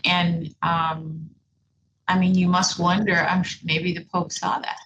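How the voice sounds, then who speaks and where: A woman hosting a podcast interview, responding in a reflective, slow way with hesitant fillers. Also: on the low side, level tone. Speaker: podcast host. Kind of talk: interview conversation. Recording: audible background noise.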